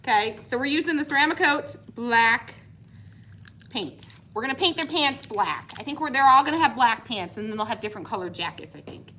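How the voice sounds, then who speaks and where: With slight background noise behind her, a woman speaks in a slightly high, pushed, bright voice, animated and a little fast. She chats casually while painting on a craft livestream in her home craft room, giggly and talkative, often saying "y'all".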